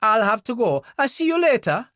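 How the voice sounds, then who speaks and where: A man's voice: very high-pitched, big pitch swings, normal speed, a bit bright, no room sound, studio quality, voice pushed up, heavily acted. A man reading an audiobook, voicing a middle-aged woman who runs an island café, earnest and anxious.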